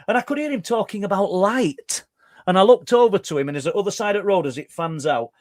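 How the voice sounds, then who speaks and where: A man's voice: sits high, quick pace, no room sound, clean studio sound. A middle-aged man with a Yorkshire accent, a guest telling a long story in conversation with many stumbling restarts. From Yorkshire, England. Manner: talkative, stumbling restarts, animated. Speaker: guest researcher.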